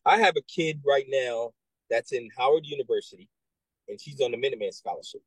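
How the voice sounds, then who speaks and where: A man working as a military recruiter, talking casually and telling animated stories with many restarts and asides. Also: mid-range voice, a little fast, breathy edge, no room sound, low-quality recording. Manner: animated storyteller, acts out quoted voices, many restarts and "right?". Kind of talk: casual conversation.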